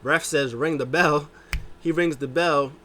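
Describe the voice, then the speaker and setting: A man talks through last night's wrestling in a loose, casual recap, his pitch leaping up whenever he quotes someone. There's a faint hiss of noise under the recording. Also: a little slow. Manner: animated retelling, jumps pitch to quote wrestlers. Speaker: wrestling show recap host.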